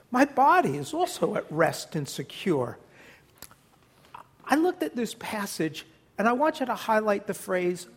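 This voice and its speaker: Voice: medium pitch, fairly bright tone. A pastor preaching a sermon to a congregation, emphatic and encouraging, leading the church in repeating a phrase back. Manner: emphatic, leads congregation in call-and-response.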